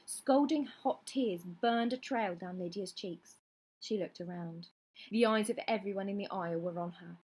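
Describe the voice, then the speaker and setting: A woman reading a novel aloud in a steady, measured narration. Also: medium pitch, breathy edge. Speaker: reader.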